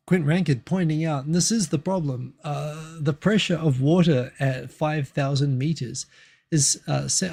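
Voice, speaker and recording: A man's voice: fairly high pitch, gravelly, darkish tone, breathy edge. A man from New Zealand with a New Zealand accent, hosting a casual livestream and reading viewer comments, rambling with many fillers and restarts. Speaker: livestream host.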